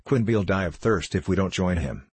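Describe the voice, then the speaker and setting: A man voicing a burly, arrogant middle-aged businessman who talks in a hearty, gruff way. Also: low voice, animated, normal speed, darkish tone, no room sound. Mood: bluff hearty.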